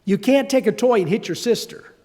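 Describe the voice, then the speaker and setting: A man's voice: extremely high pitch, a little fast, dark tone, long reverb tail. An older man preaching a sermon, telling a story with conversational asides. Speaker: pastor.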